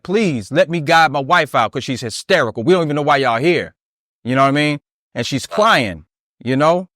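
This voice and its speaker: A man's voice: on the high side, dry recording, clean studio sound. A man, a military veteran, telling a story in an interview and acting out the dialogue as he goes. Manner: animated retelling that acts out dialogue, often asks "you know what I mean?". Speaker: interview guest.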